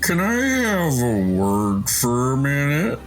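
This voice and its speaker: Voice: medium pitch, wildly swooping pitch, slow, soft background music, heavily acted. An improv performer playing a worried supervisor confronting a coworker. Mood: concerned. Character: frazzled supervisor at a border post.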